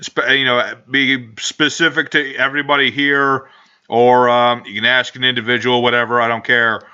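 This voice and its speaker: A man's voice: medium pitch, flat delivery, normal speed, pushed and bright, clear, resonant tone. A man hosting a casual podcast, rambling and joking with frequent swearing. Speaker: podcast host. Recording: dull lo-fi home recording.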